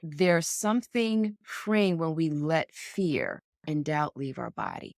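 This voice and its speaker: A woman's voice: low voice, very animated, slow, vocal fry, no echo. Woman co-host earnest, encouraging, dry close sound. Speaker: podcast co-host. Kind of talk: casual podcast chat. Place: indoors, podcast recording.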